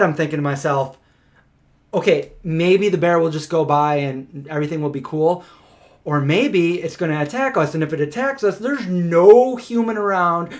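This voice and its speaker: Brief: male co-host, slightly higher voice, animated casual storyteller, loose and chatty. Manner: animated, chatty, many "like" fillers. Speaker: co-host of a live Q&A stream.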